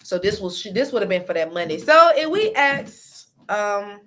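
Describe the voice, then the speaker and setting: Animated woman co-hosting chat. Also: mid-range voice, normal speed. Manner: animated, chatty, restarts a lot. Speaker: podcast co-host. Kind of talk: casual chat.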